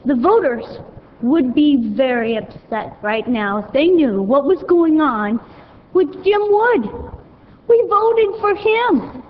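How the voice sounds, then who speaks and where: A woman's voice: sits high, very animated, slow pace, slight background noise. A woman speaking at a city council meeting, indignant and emphatic, into a podium microphone. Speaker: public commenter, mother. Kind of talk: public comment at a council meeting. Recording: echoey hall, dull broadcast sound.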